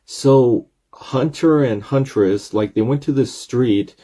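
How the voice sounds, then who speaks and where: A man giving a casual, rambling episode recap, retelling excitedly with many restarts. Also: mid-range voice, slow pace, husky. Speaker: video recap creator.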